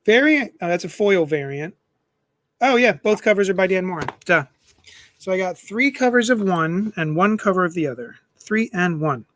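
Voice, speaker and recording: A man hosting a live comic unboxing stream, chatty and animated, with playful self-mocking asides, talking into a desk microphone. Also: high voice, moderate pace, a little hiss or hum. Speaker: comic shop host.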